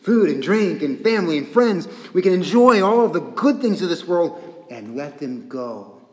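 A man preaching a sermon in an earnest, deliberate way, repeating phrases and pausing often. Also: sits high, big pitch swings, a little mellow. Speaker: pastor. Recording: echoey church hall with long reverb.

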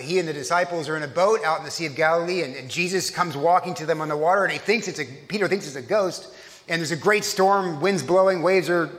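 Higher-voiced man preaching in a reverberant church. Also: fairly bright tone. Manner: conversational storytelling, asks the listeners questions. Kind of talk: sermon. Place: church service.

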